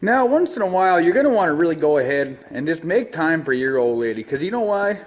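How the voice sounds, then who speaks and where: A man's voice: fairly high pitch, very animated, fast talker. A man, giving a crude, swear-filled mock-serious how-to as a comedy vlog host in a shop. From Canada. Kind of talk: profane deadpan comedy monologue. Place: shop or garage.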